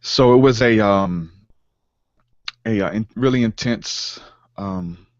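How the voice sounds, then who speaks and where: A man telling a personal spiritual story in an interview, earnest and halting, with many fillers and restarts. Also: lowish voice, no echo, lo-fi sound. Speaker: podcast guest, rapper.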